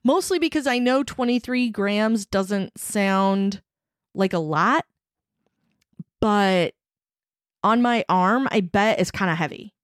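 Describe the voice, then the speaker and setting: A woman's voice: mid-range voice, slow, pauses often, no echo, clean studio sound. A woman hosting a podcast in casual, playful chat, laughing easily. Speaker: podcast host.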